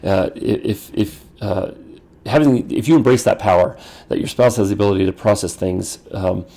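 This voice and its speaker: Male pastor coaching ministers, dark gravelly tone, casual teaching delivery. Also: fairly low pitch, normal speed. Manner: conversational, acts out quoted dialogue; restarts and repeats phrases.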